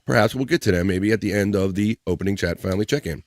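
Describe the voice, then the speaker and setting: A man's voice: lowish voice, quick pace, no room sound. Jokey man hosting a live stream. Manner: playful, jokey, shouting out viewers by name. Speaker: live-stream show host. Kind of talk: casual live-stream chat, reading viewer comments.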